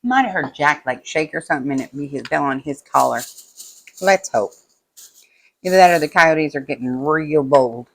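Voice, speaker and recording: Low-pitched and marked by vocal fry, a woman vlogger chats at a moderate pace over her home diamond painting craft. Her storytelling meanders, and she plays out what others said with animated quotes.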